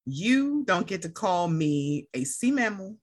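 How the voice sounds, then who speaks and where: A woman co-hosting a casual chat, talking in an animated, profane way and acting out heated rants. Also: fairly low pitch, takes it slowly.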